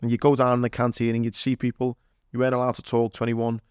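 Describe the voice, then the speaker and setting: A man's voice: mid-range voice, monotone, fast, clean tone, no room sound, studio quality. A man with a Liverpool accent, a podcast guest rambling through an anecdote with plenty of fillers. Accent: Liverpool (Scouse). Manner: rambling anecdotal telling with fillers and acted quotes. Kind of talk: casual storytelling chat.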